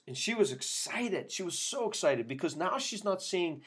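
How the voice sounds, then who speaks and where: A chiropractic podcast host with a high, sing-song, slightly rough voice talks at normal speed with few pauses. He relates a patient story casually, acting out the dialogue by quoting both the patient and himself.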